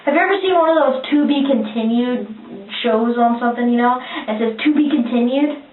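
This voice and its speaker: A woman's voice: a little high, a little fast. A woman reviewing a movie in casual chat, rambling, swearing and exasperated. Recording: echoey, distant, phone-like lo-fi sound.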